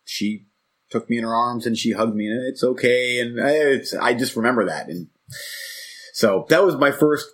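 A man's voice: mid-range voice, moderate pace, fairly bright tone, husky. A man in his forties co-hosting a podcast, talking in a rambling, reflective way that keeps breaking off and restarting. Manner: rambling, reflective, self-interrupting. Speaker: podcast co-host. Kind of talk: casual chat.

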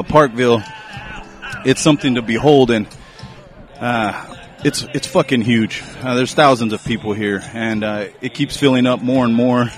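A man podcasting at an outdoor beer festival, chatting loosely and cursing, a little out of breath. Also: medium pitch. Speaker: podcast host. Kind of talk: casual chat at a beer festival. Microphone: handheld mic.

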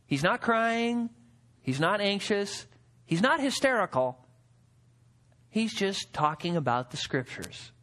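Animated high-voiced male preacher. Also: slow, long pauses. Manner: expressive preaching, acts out quotes, rhetorical questions. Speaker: pastor. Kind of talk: sermon.

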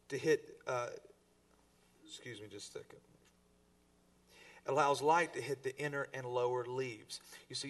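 Man preaching a sermon, from a distance. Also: medium pitch. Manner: preaching to a congregation, with emphatic rises and soft drops. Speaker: pastor.

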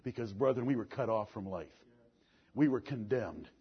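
A man preaching a fiery sermon, swinging from loud emphatic declarations to low, intense talk. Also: expressive, normal speed. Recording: muffled lo-fi sermon recording.

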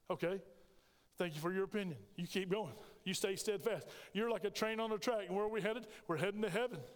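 A male pastor preaching a sermon in a church, fervent, with sudden shouts of excitement. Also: high-pitched. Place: church sanctuary. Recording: long reverb of a large hall.

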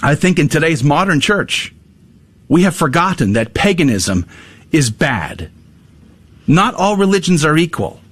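A man's voice: a little slow, long pauses, slightly rough, no echo. A man hosting a faith talk show, telling a story with great animation and acting out the quotes. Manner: animated storyteller, acts out quotes with big pitch jumps. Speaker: Catholic radio host.

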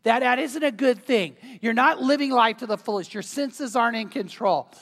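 Pastor, earnest conversational sermon, mid-pitched voice with a long hall echo. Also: normal speed, a bit bright. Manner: earnest, conversational preaching with rhetorical questions.

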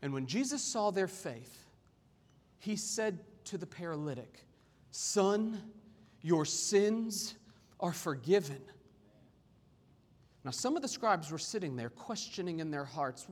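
A male pastor preaching a sermon, reading scripture with expression and speaking warmly and humorously to his congregation. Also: high voice, lively intonation, slow pace, long pauses. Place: church sanctuary. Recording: long hall reverb.

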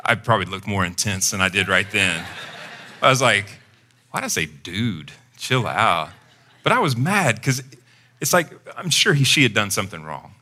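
A man's voice: lowish voice, normal speed. A man preaching a sermon as pastor, telling a personal story in a conversational way and acting out his own lines. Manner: conversational storytelling, animated when quoting himself.

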